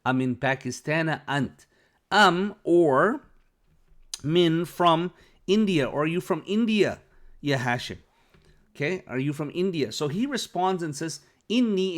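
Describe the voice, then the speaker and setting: A man's voice: fairly high pitch, expressive, a little slow. A man teaching Arabic, reading phrases from a dialogue aloud, translating them and explaining the grammar, often checking in with "okay?".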